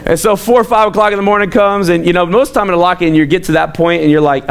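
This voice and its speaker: Brief: middle-aged male pastor, lively self-mocking storyteller, slightly high-pitched voice. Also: fast, few pauses. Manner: animated, self-mocking, acts out quoted lines. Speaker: youth pastor. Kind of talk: storytelling talk.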